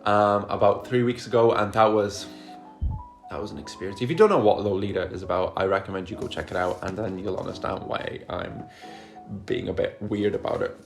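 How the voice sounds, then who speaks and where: Soft music plays behind a low-voiced young vlogger, a native Russian speaker in his 20s, as he does a casual Q&A to camera. His tone is steady, his pace fairly quick with some vocal fry, and he's chatty, keen, and quick to swear. He records on a camera he sets up himself.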